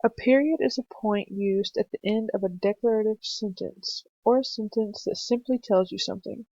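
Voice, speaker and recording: A young woman narrating a screencast punctuation lesson for children, explaining slowly and patiently with some fillers. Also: mid-range voice, dark tone, dry recording. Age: young adult. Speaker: student teacher presenting a lesson. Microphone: computer mic for a screencast. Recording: dry, slightly dull home mic recording.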